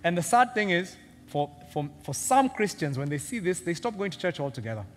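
A Kenyan man preaching with a high, lively voice that leaps around as he acts out characters and jokes with the congregation. His sermon rings with long reverb through a large church hall. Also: fairly quick. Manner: animated and humorous, acting out characters, laughing often. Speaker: senior pastor.

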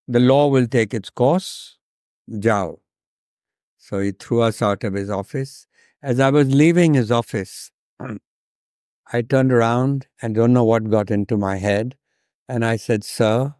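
Older man from India, author at a talk; slow, deliberate storyteller, dry close sound. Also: on the low side, darkish tone, dry recording. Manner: slow, deliberate, acts out quoted dialogue.

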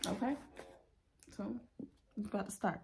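A woman's voice: mid-range voice, moderate pace, vocal fry, very noisy. A woman giving a casual tarot reading, talking bluntly and profanely in a loose, chatty way. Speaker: tarot reader.

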